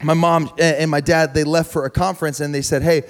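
A young man preaching a sermon through a funny personal story, chatty and repetitive, building to loud preaching. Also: on the high side, level tone, fairly quick. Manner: conversational, humorous, repeats words, rises to loud preaching.

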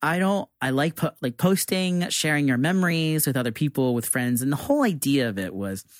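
A man's voice: fairly high pitch, expressive, brisk, no room sound. A man co-hosting a casual podcast, rambling through his opinions with plenty of restarts and "you know". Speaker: podcast co-host. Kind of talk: casual chat. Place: small studio. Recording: dry studio sound.

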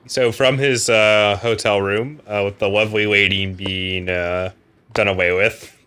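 A man's voice: lowish voice, steady tone, unhurried, bright, forceful tone, clean tone. A man co-hosting a casual podcast about a novel, joking around and laughing often, with plenty of fillers. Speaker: podcast co-host.

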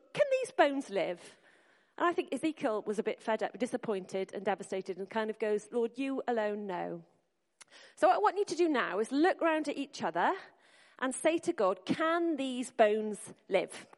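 Woman giving an earnest sermon, fairly high voice, talking straight to the room, long reverb. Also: darkish tone. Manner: earnest, encouraging, speaks to the congregation directly. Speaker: preacher. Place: church hall.

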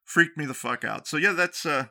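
A man spinning a rambling, self-deprecating yarn in relaxed conversation. His voice is very bright and forward, with a gravelly, creaky edge. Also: fairly high pitch, normal speed. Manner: rambling, self-deprecating, many fillers and restarts. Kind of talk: casual storytelling chat.

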